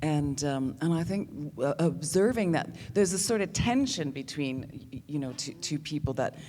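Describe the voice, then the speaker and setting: Female panel guest, very low and dark, thoughtful; reverberant hall, faint noise. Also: animated. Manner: thoughtful, measured, with restarts. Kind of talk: reflective panel answer.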